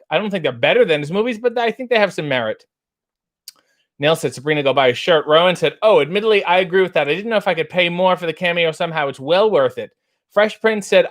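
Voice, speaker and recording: Man, fairly high voice, dry jokey asides, reading chat comments, close mic. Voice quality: dry, wry humor. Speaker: host.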